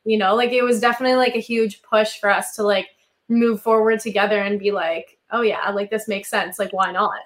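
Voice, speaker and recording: A young woman in her twenties from Canada, a singer guest on a podcast, talking in a relaxed way full of "like". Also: medium pitch, a little fast. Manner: relaxed, heavy use of "like". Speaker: guest, country music singer. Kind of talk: casual interview chat.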